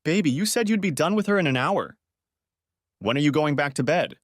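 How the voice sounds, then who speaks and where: A man's voice: a little fast, dry recording, clean studio sound. A man doing a smug, lazy-voiced mistress. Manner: low, relaxed, casual. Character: relaxed, smug young woman lover.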